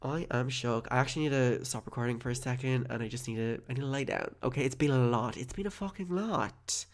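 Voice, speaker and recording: A man's voice: mid-range voice, fast talker. Sweary, theatrical Irish man telling a story. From Ireland. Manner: dramatic, self-mocking, sweary storytelling. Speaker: podcast host. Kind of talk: casual comic monologue.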